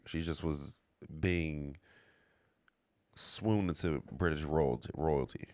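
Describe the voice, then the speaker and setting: A man's voice: slow pace, no echo, clean studio sound. A young man co-hosting a comedy podcast, talking loosely and jumping into put-on voices for jokes. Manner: animated, jumps into squeaky put-on voices for jokes. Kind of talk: casual comedic chat.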